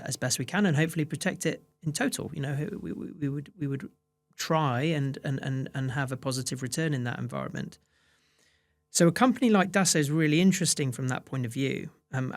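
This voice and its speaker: A man's voice: mid-range voice, dry recording. A man, a fund manager, answering interview questions with many restarts and fillers. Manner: hesitant restarts, many "you know"s.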